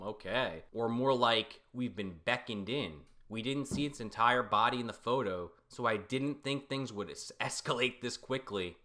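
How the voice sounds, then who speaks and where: A man casually recapping and reacting to a comic, animated, laughing often and swearing. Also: mid-range voice, normal speed, few pauses. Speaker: reaction video host.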